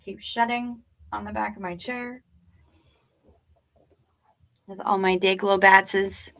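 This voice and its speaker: A woman livestreams from her chair at home, chatting casually and ramblingly with viewers, often trailing off and sounding a bit sleepy as she yawns. Her medium-pitched voice is slow, fairly even in intonation, and fairly bright in tone.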